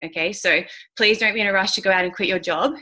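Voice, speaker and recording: A woman's voice: mid-range voice, quick pace, pushed and bright. A woman speaking as a guest on a call. She talks frankly and bluntly, swears now and then, and uses many fillers. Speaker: guest speaker mentoring traders. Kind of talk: candid motivational talk on a call.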